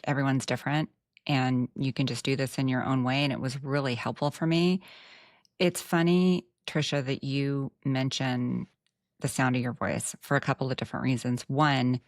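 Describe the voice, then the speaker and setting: Recorded with clean studio quality and no room sound, a woman with an extremely low-pitched voice and a Texan accent hosts a casual podcast conversation. She is earnest and reflective, with frank asides.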